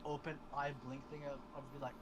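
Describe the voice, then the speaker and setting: A man in casual chat, talking haltingly and restarting his sentences. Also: mid-range voice, level tone, background noise.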